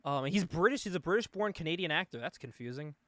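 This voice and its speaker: A man's voice: fairly high pitch, animated, fast, a bit bright, dry recording. A man co-hosting a casual comic book review podcast, laughing often and swearing casually. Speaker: podcast co-host.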